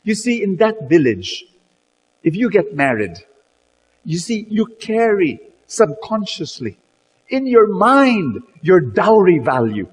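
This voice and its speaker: A man's voice: high-pitched, very animated, slow, breathy edge, long reverb tail, poor audio. A man telling a story in a sermon, dramatic, with many repeated words and "you know"s.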